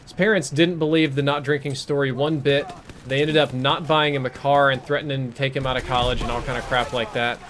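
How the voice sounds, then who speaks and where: A man streams a game and rambles through a long story in a crude, self-mocking way. His voice sits at an ordinary pitch for a man. A faint noise hums behind his headset mic. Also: fairly even intonation, brisk, fairly bright tone. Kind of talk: casual storytelling while gaming.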